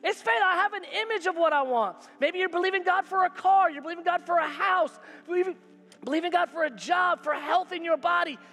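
A man's voice: extremely high pitch, brisk, sharp tone. A male pastor preaching a sermon, emphatic and repetitive, with call-and-response phrases. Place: church sanctuary. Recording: hall reverb with faint music.

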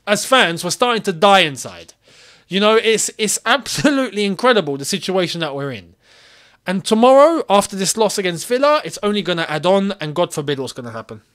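A man hosting his own football channel, ranting in an animated, exasperated way and firing off rhetorical questions. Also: high-pitched. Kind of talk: solo football opinion vlog.

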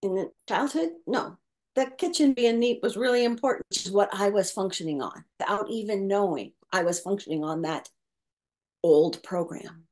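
A woman's voice: mid-range voice, moderate pace, a little mellow. A middle-aged woman talking reflectively about caregiving in an interview, often restarting and repeating words as she thinks. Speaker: caregiver coach. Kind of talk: conversational interview talk.

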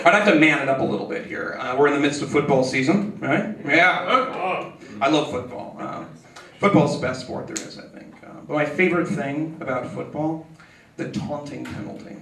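A male stand-up comedian doing a set on a club stage, with animated, exasperated rants and mock outbursts. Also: a little high, moderate pace. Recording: roomy club sound from far, audience laughter.

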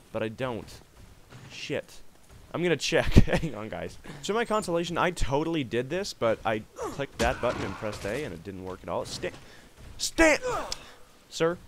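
A man's voice: medium pitch, noisy background. A young man casually commenting on a video game as he plays, goofy and rambling, with yelps and silly voices. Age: young adult. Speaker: gamer, let's play host. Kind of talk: casual let's play commentary. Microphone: gaming headset.

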